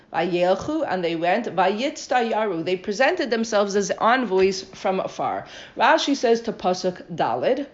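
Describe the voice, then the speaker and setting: A woman teaching a scripture lesson, reading Hebrew verses aloud, then translating and questioning them. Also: mid-range voice. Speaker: Torah teacher. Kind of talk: text study lesson. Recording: dull lo-fi recording.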